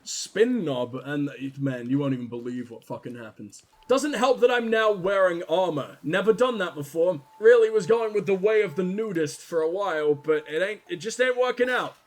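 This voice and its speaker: A man's voice: high voice, expressive, moderate pace, few pauses. A man giving crude, sarcastic and profane commentary while playing a video game, often talking back to the characters on screen. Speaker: gaming video host. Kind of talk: let's-play commentary.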